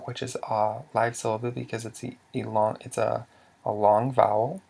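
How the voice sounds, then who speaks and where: A man's voice: mid-range voice, flat delivery, moderate pace, gravelly, mellow. A man narrating a slide lesson as a language teacher. He asks questions, answers them himself, and often stops to restart a word.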